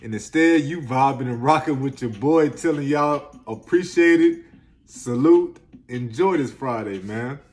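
Brief: man, slangy motivational vlog host, mid-pitched, light music under him. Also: measured pace. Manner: energetic, slangy, emphatic, swings between loud and soft. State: close to tears at times. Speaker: self-help video host. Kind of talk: motivational casual talk to camera.

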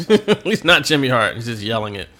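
A man's voice: mid-range voice, sing-song, a little fast, bright, forceful tone. A man co-hosting a podcast in casual, jokey chat, laughing often. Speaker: podcast co-host.

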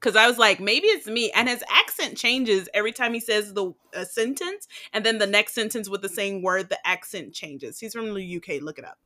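A woman's voice: medium pitch, lively intonation, moderate pace, few pauses, bright, forceful tone. A woman co-hosting a podcast in casual chat, blunt and profane, often laughing and going off on tangents. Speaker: podcast co-host.

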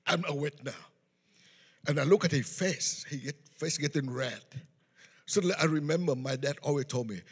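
A man's voice: fairly high pitch, moderate pace, slightly rough. A man preaching a testimony in simple, non-native English, recorded with echo in a church hall. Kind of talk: sermon testimony storytelling.

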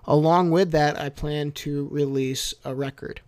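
A young man hosting a casual podcast, telling stories in an animated, jokey way that swings from quiet to loud. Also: a little high, a little slow, no room sound. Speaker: podcast host.

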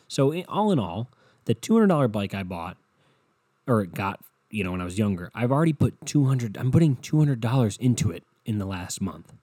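A man's voice: mid-range voice, dark tone, breathy edge, no echo. A man co-hosting a podcast, telling a rambling, self-mocking story in casual talk, swearing constantly. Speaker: podcast co-host. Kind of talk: casual profane storytelling rant.

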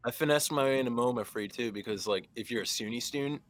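A man's voice: medium pitch, fast talker, a bit bright, dry recording. A man in his twenties co-hosting a podcast, telling stories in a dry, wry casual way. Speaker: podcast co-host. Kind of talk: casual chat.

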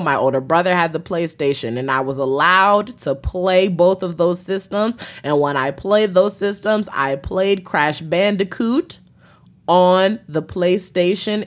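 A woman hosting a podcast, ranting bluntly with plenty of profanity. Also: on the low side. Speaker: podcast host. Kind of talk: profane comedic rant.

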